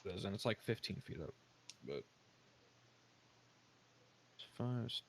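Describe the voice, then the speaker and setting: Man, low-pitched game master, halting casual narration full of restarts. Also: animated, gravelly, fairly bright tone, slight background noise, low-quality recording.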